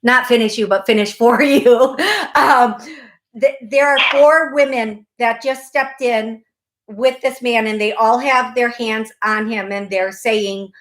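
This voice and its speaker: Effusive psychic host, high voice. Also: female voice, fairly even intonation, a little slow. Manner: effusive, emphatic, repeats phrases. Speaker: psychic medium radio show host. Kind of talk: call-in psychic reading.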